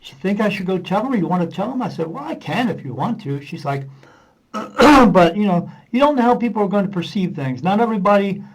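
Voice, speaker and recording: A man with a fairly high voice chats as a podcast guest, spinning loose, rambling anecdotes. He slips into the voices of the people in his stories and fills his pauses with uh. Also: expressive, rough recording. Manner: rambling anecdotes, acting out dialogue with many uh fillers. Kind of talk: casual storytelling in a podcast interview.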